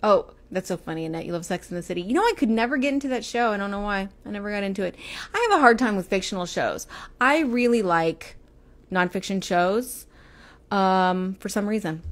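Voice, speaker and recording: A woman hosting her own livestream, chatting in a rambling way and answering viewer comments. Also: mid-range voice. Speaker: livestream host. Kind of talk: casual livestream chat.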